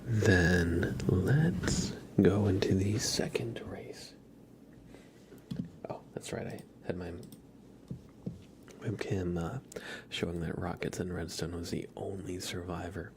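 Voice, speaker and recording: Man, deep voice, whispered livestream commentary, unhurried, slightly stuffy nose, close mic. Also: steady tone, a little hiss or hum. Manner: soft whisper, slow and low-key, cheering on chat viewers. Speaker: ASMR livestream host.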